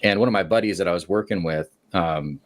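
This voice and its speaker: A fairly low-voiced man, phoning in to a talk show, relaxes into a lengthy tale told fast. Each quoted line gets a distinct, shifting voice, and the story never stalls.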